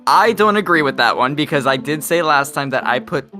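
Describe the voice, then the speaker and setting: Bright-voiced male podcast host. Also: fairly high pitch, brisk, faint music behind. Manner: relaxed, leads the discussion. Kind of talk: casual group chat.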